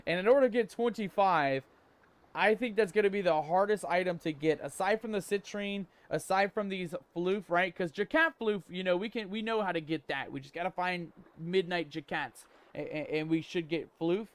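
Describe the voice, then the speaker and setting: A man's voice: sits high, normal speed, no echo. A man hosting a live gameplay stream, chatty and upbeat, greeting viewers with pirate slang. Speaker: livestream host.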